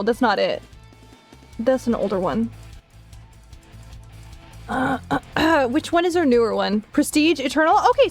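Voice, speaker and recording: A young woman streaming live, chatting casually to her viewers, giggly and gushing, swearing now and then while she thinks out loud. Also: sits high. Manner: thinks aloud while searching on her computer. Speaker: art streamer.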